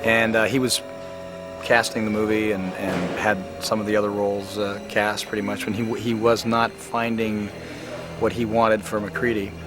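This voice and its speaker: A man's voice: lowish voice, little pitch movement, normal speed. Easygoing man over music. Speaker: actor. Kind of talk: interview recollection.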